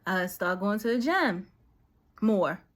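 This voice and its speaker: In a mid-range, expressive voice, a woman takes it slowly as she speaks straight to her viewers with slangy motivation. It feels like a friend delivering a message: conversational, direct and a bit preachy.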